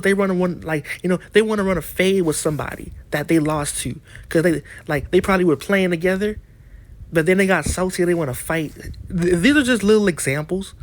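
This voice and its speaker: A man ranting as a YouTuber in a heated, profane way, often restarting his sentences. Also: sits high. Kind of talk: ranting commentary.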